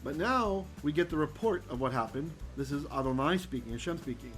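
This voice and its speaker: A man teaching a Torah lesson as a rabbi, animated and often checking in with his listeners, sometimes chanting verses. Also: a little high, brisk, soft background music, rough recording.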